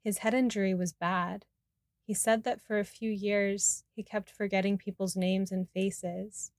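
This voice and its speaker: A woman reading her personal memoir aloud in a soft, reflective, intimate way. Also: medium pitch, little pitch movement, unhurried, dry recording, studio quality. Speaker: narrator.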